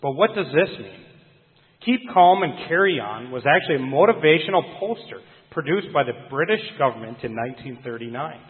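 A man preaching a sermon earnestly, putting emphasis on key phrases and slowing down on them. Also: fairly high pitch, sing-song. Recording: phone-like sound with long hall reverb.

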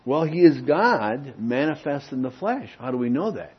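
A man preaching a teaching sermon, often checking in with "Okay?" and pressing key words before dropping low and quiet. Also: expressive, moderate pace, slightly rough, lo-fi sound. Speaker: pastor.

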